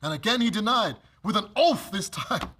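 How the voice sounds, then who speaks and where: High, bright British preacher. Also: male voice, moderate pace. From Britain. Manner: animated, acts out scenes, laughs often. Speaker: preacher leading bible study. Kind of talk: sermon with scripture reading.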